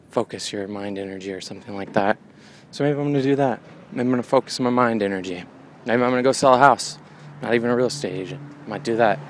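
A man's voice: fairly low pitch, slight background noise. Rambling, winded male comedian outdoors. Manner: wry, meandering, jokey asides. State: winded after a run. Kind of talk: rambling deadpan monologue. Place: outdoors by a road.

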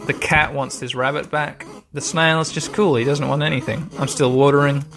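A man with a higher-leaning, level voice speaks at normal speed while playing a video game, giving casual let's-play commentary. He rambles and swears freely.

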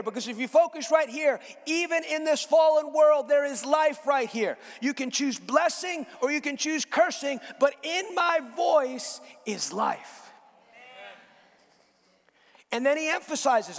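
A man preaches with a strikingly high voice, reading passages and then driving points home with repeated, shouted phrases. His voice rings through a large hall, trailing a long echo. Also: measured pace. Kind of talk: sermon.

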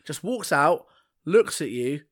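A man co-hosting a relaxed podcast, his voice sitting a little high. He talks animatedly and often stumbles and restarts mid-sentence when he gets going. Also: slow pace. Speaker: podcast co-host. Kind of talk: casual chat.

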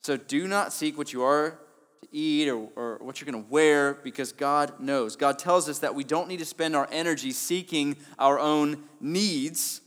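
A young man preaching a sermon as pastor, earnest and shifting between quiet, soft passages and emphatic raised lines. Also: on the high side, a little slow. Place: church sanctuary. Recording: long church hall reverb.

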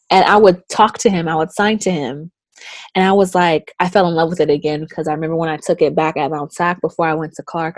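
A young woman with a somewhat low voice talks casually, bringing her stories to life by acting out other people's lines with big leaps in pitch. The sound is dry and close, with no room around her. She speaks like someone being interviewed in a relaxed conversation. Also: dry recording. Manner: animated storyteller who acts out quotes with big pitch jumps.

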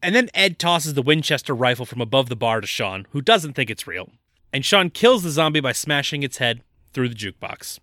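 A man's voice: medium pitch, big pitch swings, a little fast, bright, forceful tone, no room sound. A man co-hosting a podcast, casually recapping a film scene by scene in a laid-back, dry way. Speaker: podcast co-host.

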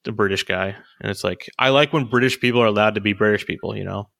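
A man's voice: on the low side, quick pace, vocal fry, fairly bright tone. A man co-hosting a casual movie chat, rambling with lots of fillers and restarts. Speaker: podcast co-host reviewing movies.

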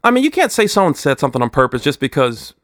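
A man in casual podcast chat, talking quickly, laughing often and breaking into impressions. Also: a little high, very animated, fairly bright tone, no echo, studio quality. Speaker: podcast host.

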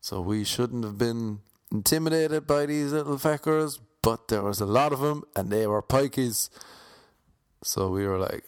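A man's voice: medium pitch, normal speed, smooth. A man from Cork with an Irish accent telling a comic story, rambling and correcting himself with wry asides. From Ireland, Cork. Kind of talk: comic anecdote monologue.

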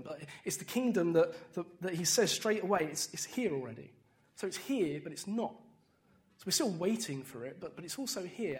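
A young man with a high voice preaches in a loose, conversational way. He restarts phrases, doubles his words and keeps checking in with the congregation. When he retells the story, his voice climbs into animated bursts. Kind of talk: informal sermon.

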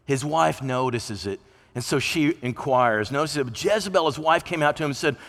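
A man delivers a sermon in a folksy, conversational manner, now and then acting out the voices of people he quotes. His voice sits a bit high for a man. A long reverb from the church hall trails behind his words. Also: expressive, moderate pace, a bit bright. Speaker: preacher. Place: church sanctuary.

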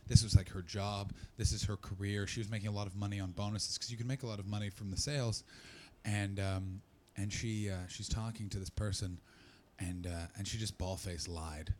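A man doing stand-up comedy, telling a story to a live audience in an animated way, getting loud when acting out scenes. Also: fairly low pitch, a little fast, a little hiss or hum.

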